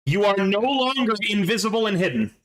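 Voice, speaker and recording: A man's voice: sits high, big pitch swings, brisk, a bit bright, rough recording. A man running a tabletop game as game master, explaining rules and narrating combat.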